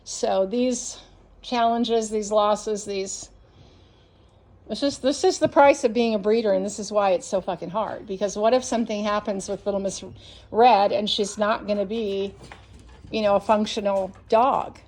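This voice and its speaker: A woman's voice: mid-range voice, steady tone, unhurried, darkish tone. A woman dog breeder, ranting and swearing in a casual vlog as she walks around her deck. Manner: frustrated, swears constantly, ranting. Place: outdoors on a home deck.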